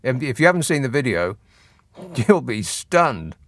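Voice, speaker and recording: A man's voice: mid-range voice, sing-song, a little slow, a bit bright. A man hosting a radio phone-in show, reading out news with sardonic, mocking asides. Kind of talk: satirical news commentary. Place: radio studio. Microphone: studio microphone.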